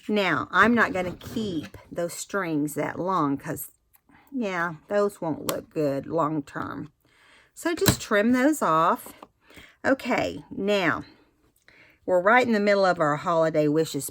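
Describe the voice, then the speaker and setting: A woman's voice: lowish voice, fairly bright tone. A woman giving a casual craft tutorial, chatty and explaining each step with fillers and restarts. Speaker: craft instructor.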